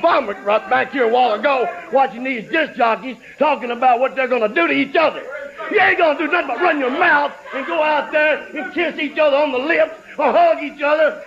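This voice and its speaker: Man, high gravelly voice, taunting boastful promo, dull old TV sound with loud crowd. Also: a little fast. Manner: boastful, taunting, repetitive threats. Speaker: pro wrestler cutting a promo. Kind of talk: archival wrestling interview promo.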